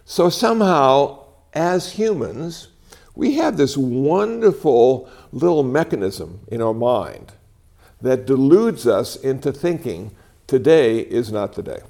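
A man in his sixties with a slow, gravelly, medium-pitched voice gives a conversational talk before a live audience. He tells stories animatedly, with wry humor.

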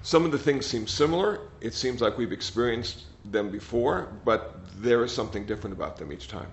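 An older man, a meditation teacher, giving a gentle, rambling dharma talk that often repeats words. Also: medium pitch, expressive, a little fast. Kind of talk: dharma talk with audience questions. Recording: slightly dull sound, faint noise.

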